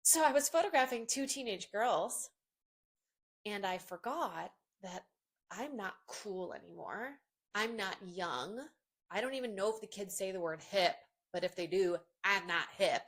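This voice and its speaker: A woman's voice: animated, a little slow, a bit bright. Bubbly self-mocking woman telling a story. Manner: bubbly and self-mocking, acts out quotes with big pitch jumps. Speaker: family photographer. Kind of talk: casual storytelling to camera.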